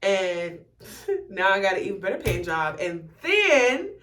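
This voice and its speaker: A beauty vlogger chats candidly and profanely with her viewers while styling a wig, filmed on a phone camera. Her voice is fairly low and a bit bright, with lively intonation and a moderate pace.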